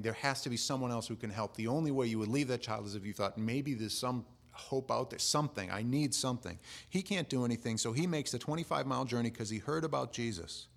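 A man's voice: mid-range voice, gravelly. A man preaching a sermon, earnestly explaining scripture and asking the listeners questions, with restarts and asides.

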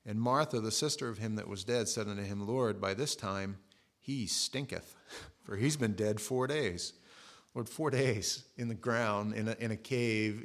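A man's voice: fairly low pitch, gravelly. Conversational man preaching a sermon. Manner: conversational, retells scripture with acted asides. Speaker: pastor.

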